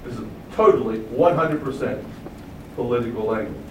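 A man preaching a sermon, asking rhetorical questions and booming out quoted acclamations. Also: normal speed, darkish tone, reverberant, distant mic, highs cut off, slight background noise.

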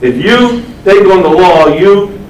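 A man preaching a sermon. He stresses key words by slowing down and asks the audience questions. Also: sits high, animated, muffled recording, slight background noise. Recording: echoey room, mic at a distance.

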